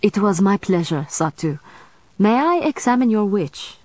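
A woman reading the part of an ancient male vampire, speaking softly and slowly in a measured, menacing way, in a storybook narration. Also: mid-range voice, sing-song, no room sound, voice pushed up. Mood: soft menace. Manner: soft, slow, measured delivery.

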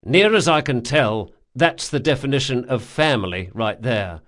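A man puts on a wily young thief with a sardonic bite, pitched a touch higher than the narration. His retorts come quick and dry, with plenty of swing in the pitch. It is a stubborn rogue from an audiobook. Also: expressive, fairly bright tone, natural voice. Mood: tender wry. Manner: wry, quick-witted retorts. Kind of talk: audiobook character voice.

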